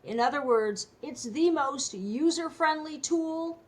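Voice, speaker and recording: Enthusiastic woman guest, fairly high voice. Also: expressive, slow pace. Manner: enthusiastic, explains simply. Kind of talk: casual instructive interview talk.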